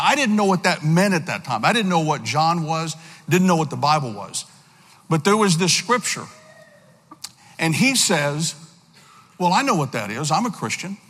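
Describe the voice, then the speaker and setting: A man giving a personal testimony in a church, telling his story earnestly with halting restarts. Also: a little high, a bit bright. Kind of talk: sermon testimony. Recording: long hall reverb.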